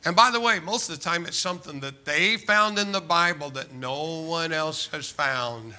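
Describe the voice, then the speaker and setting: A man's voice: on the high side, moderate pace, sharp tone. A man preaching a sermon to a large church, emphatic and joking, firing off rhetorical questions. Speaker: pastor.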